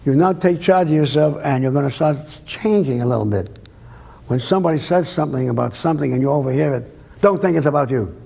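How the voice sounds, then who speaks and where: A man, a jazz trumpeter telling blunt, animated stories about his life. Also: fairly high pitch, fast, gravelly, a little hiss or hum. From Brooklyn, New York. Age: 90s. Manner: blunt, animated storytelling with bursts of laughter. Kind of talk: candid reminiscing.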